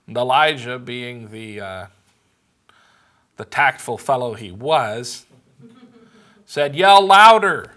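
A male pastor delivers a sermon in an earnest, measured way, pausing to stress his points. He speaks slowly, with a bright, forceful edge to his voice. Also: medium pitch. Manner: earnest, measured preaching with emphatic pauses.

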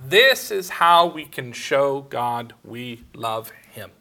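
A man's voice: mid-range voice, very animated, slow, sharp tone. A man preaching a sermon, telling a personal story with laughs and acted-out dialogue. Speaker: pastor.

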